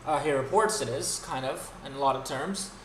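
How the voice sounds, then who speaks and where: A man's voice: medium pitch, a little fast, a bit bright. A man hosting his own livestream, ranting in a profane, exasperated way, often restarting his sentences. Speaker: streamer and host. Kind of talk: unscripted rant on a livestream. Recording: roomy with faint background noise.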